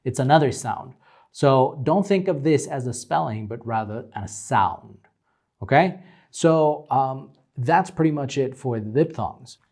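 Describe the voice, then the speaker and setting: A man's voice: mid-range voice, a little mellow. A man teaching phonetics in a patient lecture, with many ums and uhs. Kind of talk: lecture explaining vowel charts.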